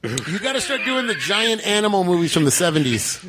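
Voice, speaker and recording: A man hosting a podcast, chatting casually and quickly, often repeating his words. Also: high-pitched, big pitch swings, crowd noise. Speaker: podcast host.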